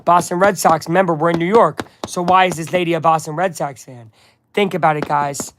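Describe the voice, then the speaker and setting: A man's voice: fairly high pitch, steady tone, fairly quick, a little hiss or hum. A man chatting casually on a live stream, reading a comic aloud and breaking off for asides to viewers.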